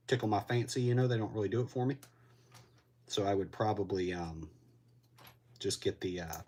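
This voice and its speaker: A LEGO builder still getting over a cold chats to his live-stream audience while he builds, sounding a little winded. His voice is low-pitched and a little mellow with a breathy edge, and his manner is laid-back and rambling as he reacts to chat.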